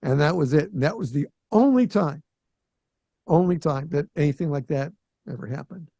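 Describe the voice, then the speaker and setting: A man in his sixties hosting a podcast, telling a story in a lively way and acting out the voices of the people in it. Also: a little high, moderate pace, vocal fry, no echo. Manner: animated storyteller who acts out quoted voices. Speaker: podcast host. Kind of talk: casual storytelling.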